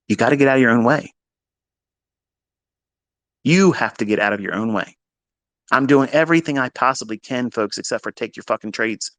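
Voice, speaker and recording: Brief: man, trading mentor, blunt and foul-mouthed, emphatic repeats, mid-pitched, dry close sound. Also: normal speed, long pauses, no echo. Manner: blunt, heavy swearing, emphatic repetition; swings between loud bursts and low asides. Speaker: trading educator. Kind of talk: profane motivational lecture.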